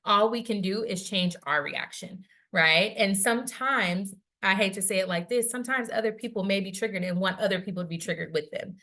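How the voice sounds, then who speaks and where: A woman's voice: mid-range voice, a little fast, hardly any pauses, pushed and bright. Woman, wellness workshop presenter, conversational, checks in often, acts out quotes. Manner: acts out quoted inner voices. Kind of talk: interactive workshop talk.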